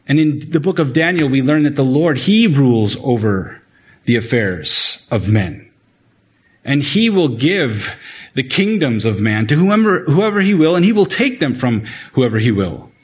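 A man preaching a sermon in an earnest way, often repeating words and rising in pitch to stress a point. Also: very animated, a little slow, husky. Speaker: pastor.

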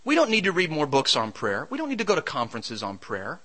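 Male preacher, high and very bright voice, conversational sermon delivery with storytelling. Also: huge pitch swings, fast talker, low-quality recording. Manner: storytelling, shouts during a comic anecdote.

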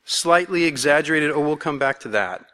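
A man's voice: a little high, lively intonation, moderate pace, pushed and bright. A man preaching a sermon in a conversational, playful way, acting out voices as he goes. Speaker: pastor. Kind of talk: expository sermon. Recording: long hall reverb.

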